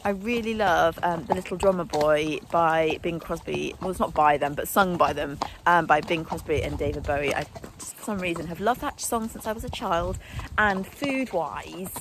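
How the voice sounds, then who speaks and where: A young riding instructor and vlogger with a fairly low voice chats casually to camera at a moderate pace about her day at the stables. Warm, friendly and chatty, she laughs at herself, and the outdoor recording carries clear background noise.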